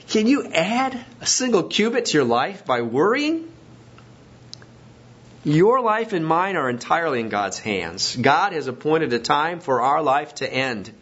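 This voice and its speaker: A man's voice: on the high side, very animated, measured pace, long pauses, a bit bright, breathy edge. A man preaching a sermon as pastor, emphatic and rising to stress his points. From Washington state. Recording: dull lo-fi recording.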